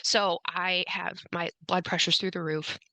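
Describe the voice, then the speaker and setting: Gravelly low-voiced woman guest. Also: steady tone, a little slow, sharp tone, dry recording, rough recording. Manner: quotes herself and others often, frequent "like". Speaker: podcast guest. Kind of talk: conversational storytelling.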